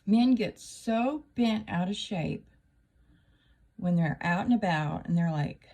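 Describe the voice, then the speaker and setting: A middle-aged woman talks to her camera in a loose, joking monologue. Her voice sits a little low, and she chuckles at her own punchlines as she rambles. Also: animated, slow pace, mellow. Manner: chatty, wry, laughs at her own jokes. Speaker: channel host. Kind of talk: casual comedic monologue.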